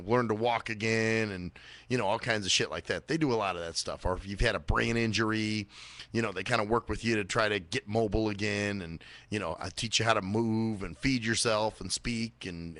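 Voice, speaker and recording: A man's voice: fairly quick, fairly bright tone, dry recording. A man hosting a small radio show, rambling and swearing a lot in a casual monologue. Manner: rambling, swears a lot, mimics others in high voices.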